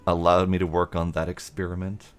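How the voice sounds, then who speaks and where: A man's voice: deep voice, monotone, brisk, lightly acted. A man voicing a sulky, sarcastic eighteen-year-old witch, reading game dialogue in his own dry voice. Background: faint game music.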